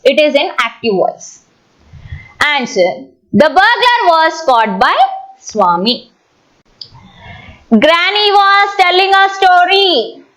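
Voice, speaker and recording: Woman teacher, exam-prep grammar lesson, unhurried and repetitive, high animated pitch. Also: rough recording. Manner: slow, repetitive, stretches words when sounding out syllables.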